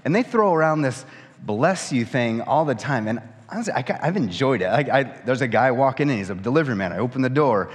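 A man, a pastor, reading scripture and then preaching in a conversational, animated way with folksy asides. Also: mid-range voice, fairly quick. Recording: church hall reverb.

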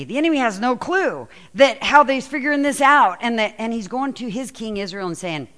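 Woman pastor preaching, animated, reads scripture and acts out the quotes. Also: fairly high pitch, moderate pace. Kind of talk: sermon with scripture reading.

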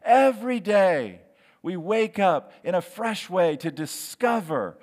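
A man preaching a sermon as pastor, earnest and encouraging, stressing key words with slow drawn-out phrases. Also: sits high, sing-song, a little mellow. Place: church sanctuary. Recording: long hall reverb.

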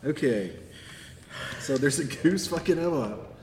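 A man running a tabletop game as game master, playful and quick to laugh. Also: mid-range voice, lively intonation, a little mellow. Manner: laughs often, loose and playful. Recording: echoey room with long reverb, faint background noise.

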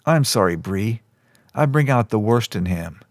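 A man's voice: lowish voice, animated, unhurried, no echo, studio quality. A man reading a story voices a shy but stubborn teenage boy hero in a plain, earnest way.

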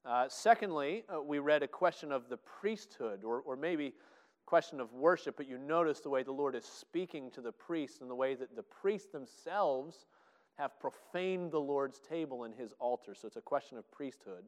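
A man preaching a Bible teaching, excitable, with many filler "uh"s and restarts. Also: mid-range voice, normal speed. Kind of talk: sermon-style Bible teaching. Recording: long echoey hall reverb.

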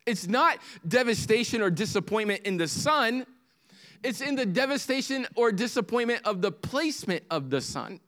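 A man preaching a sermon as pastor, swinging from impassioned highs to hushed lows. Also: animated, normal speed.

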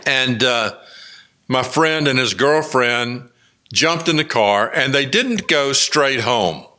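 Slow, bright-voiced preacher man. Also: mid-range voice, lively intonation. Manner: slow, conversational storytelling with many fillers. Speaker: pastor. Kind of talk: sermon.

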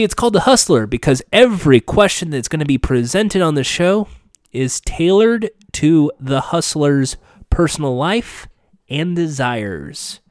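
A man's voice: on the high side, dry recording. A man hosting a podcast in casual chat, candid and sarcastic, swearing freely. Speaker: podcast host.

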